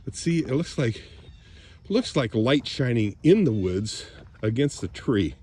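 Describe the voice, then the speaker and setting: Older man rambling, breathy, slow. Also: mid-range voice, big pitch swings, dark tone. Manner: rambling, keeps clearing his throat. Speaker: vlogger. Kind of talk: casual morning vlog, thinking aloud outdoors. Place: outdoors near woods.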